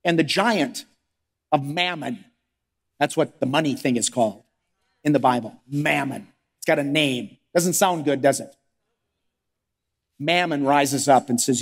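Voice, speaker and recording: A man's voice: a little high, a little slow, pauses often, long reverb tail. A man preaching a sermon as pastor, firing off rhetorical questions and acting out the voices of struggling believers. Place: church sanctuary.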